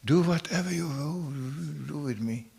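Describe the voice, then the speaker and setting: A man's voice: on the high side, moderate pace, gravelly, a little mellow, breathy edge. A man putting on the voice of a devoted, obedient pet dog during a talk.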